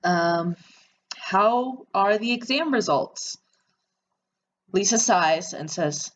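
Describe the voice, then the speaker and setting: A woman reads an interactive story game aloud and breaks in with chatty, sarcastic remarks. Her voice sits on the low side. The recording sounds dull and has a faint hiss underneath. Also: animated, unhurried. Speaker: player reading an interactive story. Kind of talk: reading game text aloud with reactions.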